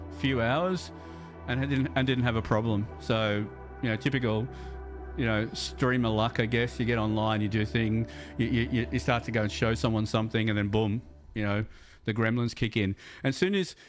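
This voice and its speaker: An Australian man chatting casually on a game livestream, rambling and repeating words as he thinks aloud, reading viewer chat as he plays. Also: medium pitch. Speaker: streamer.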